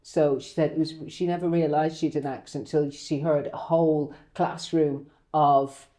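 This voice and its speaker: A woman's voice: sits low, fairly even intonation, moderate pace, dark tone. A middle-aged woman co-hosting a casual chat, who tells candid stories, swears freely and acts out the people she quotes. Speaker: co-host.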